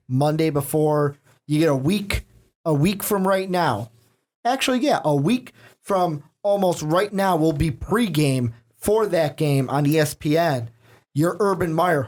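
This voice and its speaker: A man's voice: fairly high pitch, measured pace. A man hosting a casual sports podcast, joking and asking his co-host questions. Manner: joking, animated, asks questions.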